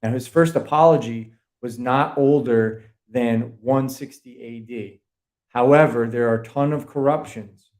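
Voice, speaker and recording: A man's voice: mid-range voice, measured pace, darkish tone. A man with a Boston accent, a podcast guest lecturing in a rambling, profane way during a casual video call chat. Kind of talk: casual conspiracy-history chat.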